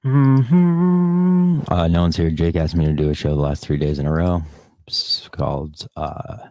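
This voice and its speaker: A man's voice: rumbling low, little pitch movement, quick pace, dark tone, dry recording. A podcast host on a casual live stream, rambling and swearing as he talks back to the chat comments.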